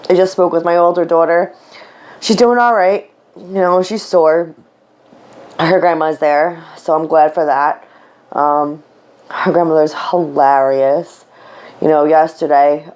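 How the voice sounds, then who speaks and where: A woman's voice: fairly low pitch, darkish tone, slight background noise. A woman vlogging to camera at home as a stay-at-home mother, talking candidly and rambling with fillers and casual swearing, tearful at times. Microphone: camera mic.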